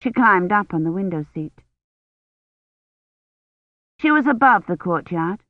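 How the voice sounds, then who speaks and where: A woman narrates an audiobook in a steady, even storytelling voice. The sound is tinny and phone-like, with no room echo at all. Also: medium pitch, unhurried. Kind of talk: scripted narration.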